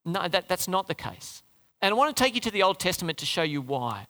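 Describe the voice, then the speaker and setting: Animated, bright-voiced male preacher in a hall. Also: sits high, fast. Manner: animated, conversational preaching with audience questions. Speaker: pastor. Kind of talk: sermon.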